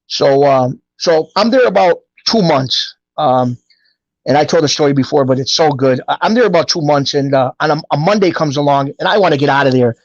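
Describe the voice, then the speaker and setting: A middle-aged man tells stories from his life in a casual, animated way and acts out the voices of people he quotes. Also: on the high side, a little fast, dry recording, lo-fi sound. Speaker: guest telling his life story. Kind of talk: casual storytelling.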